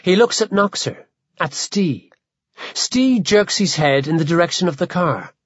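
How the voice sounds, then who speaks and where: A man narrating an audiobook in a vivid, measured storytelling manner. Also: high-pitched, lively intonation, no room sound. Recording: dull, dry lo-fi.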